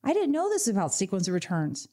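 A woman financial advisor hosting a radio finance show, telling lively client stories and acting out their reactions. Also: mid-range voice, quick pace. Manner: energetic storyteller, acts out client voices.

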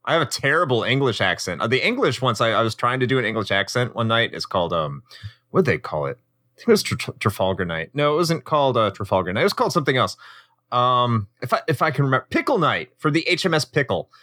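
A man's voice: medium pitch, very animated, fast, pushed and bright, no room sound, clean studio sound. A man co-hosting a casual podcast, telling rambling, playful stories. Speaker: podcast co-host.

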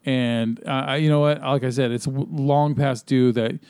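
A man co-hosting a movie review podcast, giving a measured, opinionated take in casual chat. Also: medium pitch, steady tone, darkish tone, clean tone, no echo. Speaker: podcast co-host.

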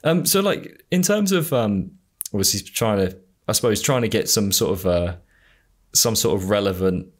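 A man's voice: lowish voice, animated, normal speed. A man with a southern English accent chatting casually on a podcast, rambling and hesitant with many fillers. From England. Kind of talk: casual chat.

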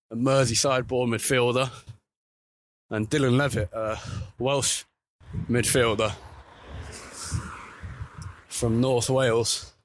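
A man reporting on football while walking outdoors, chatting casually and correcting himself as he goes. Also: no echo. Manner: chatty, self-correcting, lively pitch swings. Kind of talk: walking vlog commentary. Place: outdoors by a street.

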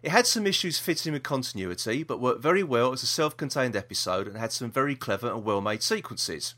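This podcast co-host, with a South East London accent, has a mid-range voice that is expressive, brisk, pushed, and bright. He chats and reads out a listener's email, peppering it with ums and restarts.

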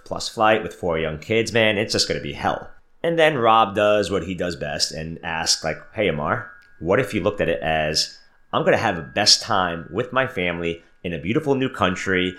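Deep-voiced guy in his 30s, chatty motivational podcast talk, bright edge, lots of "like". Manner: chatty, many "like" fillers, self-mocking. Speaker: podcast host. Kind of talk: casual motivational monologue.

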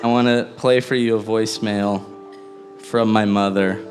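A man's voice: fairly low pitch, steady tone, moderate pace, darkish tone, soft background music. A man doing stand-up, chatty and telling a family story while laughing through his own punchlines. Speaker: stand-up comedian.

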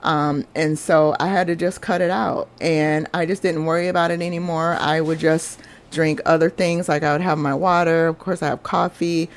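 A woman's voice: low voice, level tone, moderate pace. A woman, hosting a podcast and telling a personal story in an earnest, confessional, chatty way. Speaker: podcast host.

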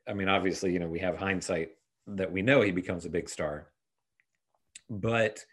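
A man casually discussing a film with a co-host in a relaxed, thoughtful way. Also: lowish voice. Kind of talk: casual film review chat.

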